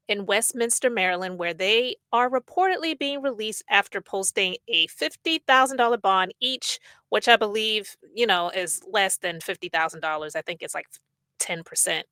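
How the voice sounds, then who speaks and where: A woman's voice: medium pitch, pushed and bright, no room sound. A woman hosting a podcast, reading out news and giving her blunt opinions in a chatty, casual way. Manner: chatty, opinionated, reads news aloud and riffs. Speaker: podcast host.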